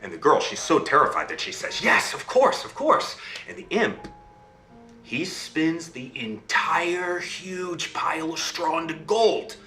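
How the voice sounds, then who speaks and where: A man's voice: on the high side, a little slow. A middle-aged man telling a fairy tale to a child, acting it out and checking in with "okay?" and "right?" as he goes. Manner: animated, acts out the story, checks in with "okay?" and "right?". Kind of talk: storytelling to a child. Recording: roomy echo, faint music.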